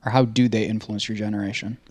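A man's voice: on the low side, level tone, fast talker, darkish tone, no echo. A middle-aged man hosting a casual panel chat, chatty and leading the discussion. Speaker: host.

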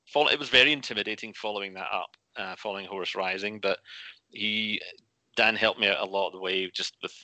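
Guest author, male, low-pitched and sharp-toned, chatty and animated. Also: fairly quick, no room sound. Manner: animated, restarts often, acts out quotes. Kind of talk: casual interview chat.

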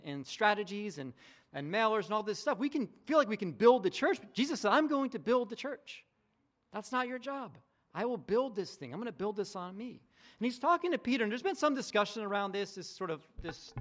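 A man's voice: high-pitched, fairly bright tone. A male pastor preaching a casual, conversational sermon with chatty asides.

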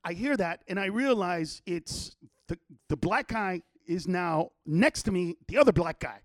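A man's voice: high voice, expressive, measured pace, no room sound, clean studio sound. A man telling a long, profane story in casual chat, acting out the quotes.

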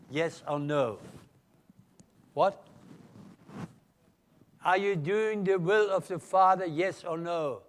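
An older man with a German accent preaching a live sermon in church, emphatic and questioning the congregation. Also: high voice. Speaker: pastor.

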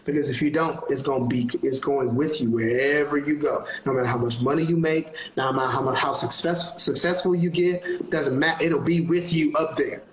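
A man's voice: fairly high pitch, steady tone, a little fast, hardly any pauses, reverberant, poor audio. A man, a gospel singer, talking as a guest on a phone live-stream interview, giving earnest, encouraging, sermon-like advice. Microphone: phone on a live video call.

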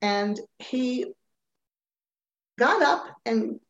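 A woman's voice: fairly high pitch, extremely slow. An older woman, a former dancer, telling her story in an interview, acting out the people in it and laughing often. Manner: animated storyteller who acts out quoted voices and laughs often. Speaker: guest, former Rockette. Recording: roomy, slightly dull remote audio.

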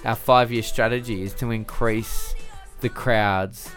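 A man's voice: medium pitch, steady tone, a little slow, fairly bright tone, soft background music. A man with an Australian accent co-hosting a casual sports podcast, chatty and agreeable, swearing now and then. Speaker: podcast co-host.

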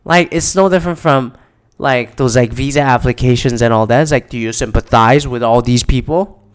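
A man's voice: medium pitch, moderate pace, smooth. A man in a casual, rambling monologue, exasperated and swearing often.

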